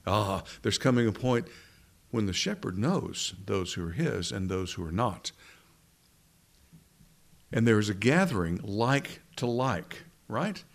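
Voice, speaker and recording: A man's voice: lowish voice, big pitch swings, measured pace, vocal fry. Man preaching a conversational sermon. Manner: conversational teaching with rhetorical questions.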